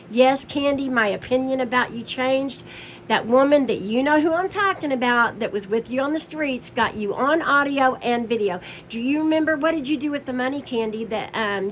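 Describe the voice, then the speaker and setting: A woman's voice: fairly high pitch, fairly bright tone, lo-fi sound, slight background noise. A woman calling someone out in a confrontational, scolding commentary aimed straight at the person she accuses. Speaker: commentary vlogger. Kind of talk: angry call-out commentary.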